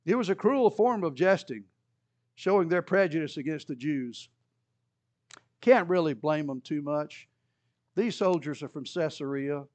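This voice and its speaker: A man's voice: expressive, a little slow, long pauses, darkish tone, dry recording, highs cut off. A man preaching a sermon, retelling scripture as a story and acting out the voices of the people in it. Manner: storytelling preacher, acts out quoted voices with rising pitch. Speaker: pastor.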